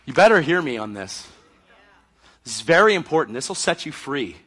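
A male preacher delivering a fervent sermon, acting out scenes and swinging between shouting and near-whispers. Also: fairly high pitch, sing-song, moderate pace, some chatter behind, slight background noise.

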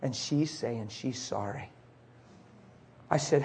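A man's voice: a little high, normal speed, a little hiss or hum. A middle-aged man preaching, telling an emotional personal testimony in a confessional way. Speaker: pastor.

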